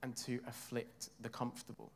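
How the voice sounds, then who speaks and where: Chatty English preacher with a congregation. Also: male voice, medium pitch, monotone, normal speed, gravelly. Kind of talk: sermon.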